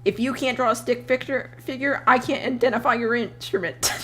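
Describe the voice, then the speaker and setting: A young adult woman streamer chatting casually while she draws, telling animated stories, laughing often and swearing freely. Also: a little high, moderate pace, a little hiss or hum. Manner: animated storytelling with voiced quotes.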